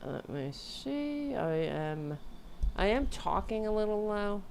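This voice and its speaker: A woman's voice: mid-range voice, sing-song, takes it slowly, vocal fry, darkish tone, a little hiss or hum. A woman hosting her own livestream from home, chatting casually and rambling with self-interruptions, sounding tired. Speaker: host of a livestream show. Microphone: home mic with audio interface.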